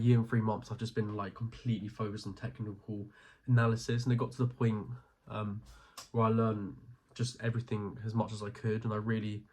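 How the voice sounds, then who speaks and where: A man's voice: fairly low pitch, a little mellow. A young man, out of breath, casually walking through his trading charts in a rambling way full of fillers. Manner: rambling, filler-heavy, self-deprecating. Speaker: forex trading vlogger. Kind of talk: casual screen-share walkthrough.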